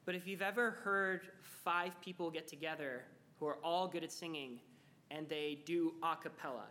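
A man's voice: on the high side, moderate pace, pushed and bright. A young adult man giving a casual motivational talk to students, chatty and full of fillers, acting out the dialogue in his stories. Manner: acts out quoted dialogue in storytelling. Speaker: speaker addressing students.

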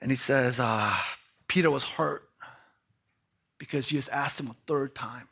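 A man preaching a sermon. He asks rhetorical questions, tags points with "right?", and swings from hushed tones to loud emphasis. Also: medium pitch, unhurried, creaky, breathy edge. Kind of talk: sermon on a Bible passage. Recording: dull lo-fi recording.

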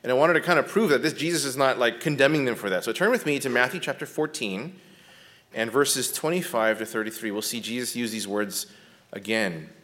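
A man teaching biblical counseling in a conversational lecture, often checking in with his listeners and speaking gently when he talks about compassion. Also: mid-range voice, a little fast. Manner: often checks in with a tag question "right?"; drops to a soft, gentle tone when describing compassion.

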